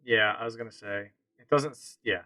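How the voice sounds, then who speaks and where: Easygoing bright-voiced man on a podcast. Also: lowish voice, dry recording. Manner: easygoing, quick to laugh, short replies. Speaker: podcast co-host. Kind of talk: casual chat.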